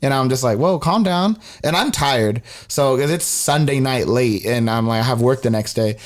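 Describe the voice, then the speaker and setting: A man's voice: medium pitch, moderate pace. A young man co-hosting a casual podcast, telling a story with lots of acted-out quotes and swearing. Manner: animated storyteller, acts out quotes, swears freely. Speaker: podcast co-host.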